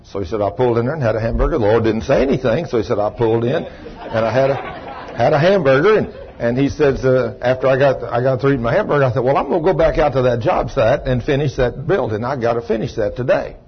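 A man preaching a sermon, telling a long rambling story in a folksy way and breaking into shouts of praise. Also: medium pitch, animated, fast, a little hiss or hum. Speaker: pastor. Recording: muffled lo-fi recording.

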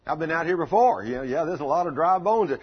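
A man's voice: a little high, expressive, quick pace, husky, pitched above the performer's own voice. A man preacher voicing the prophet Ezekiel as a humble, awed man answering God. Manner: humble, exclaiming. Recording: lo-fi dull recording.

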